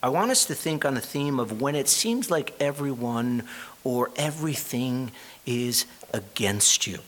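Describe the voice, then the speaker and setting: A male pastor preaching a sermon in a church, earnest and unhurried, with pauses and repeated phrases. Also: medium pitch, animated, fairly bright tone, low-quality recording.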